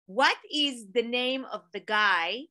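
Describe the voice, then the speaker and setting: A woman giving an energetic, animated motivational talk to an online audience, telling a story with rising emphasis. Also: on the high side, slow. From Israel. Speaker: motivational speaker.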